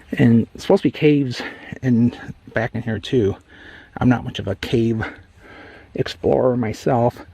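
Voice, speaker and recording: A man's voice: medium pitch, warm tone, dry recording. A man on a desert trail, chatting casually for a hiking vlog with rambling, self-deprecating asides, a little out of breath. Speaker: travel vlogger.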